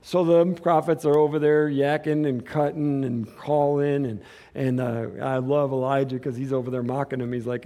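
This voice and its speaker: A man preaching a sermon in a casual, animated way, acting out quotes as he goes. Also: medium pitch, moderate pace. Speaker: pastor.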